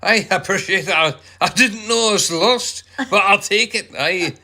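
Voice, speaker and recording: A man's voice: sits high, moderate pace, sharp tone. A man in his sixties co-hosting a casual live chat, joking and rambling in a put-on Scottish brogue, picked up on a handheld phone. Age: 60s. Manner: joking, rambling, playful impressions. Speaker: live stream co-host.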